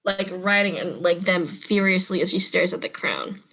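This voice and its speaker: A woman's voice: fairly low pitch, moderate pace, fairly bright tone, poor audio. A woman narrating a tabletop game as game master, casual and chatty, laughing often.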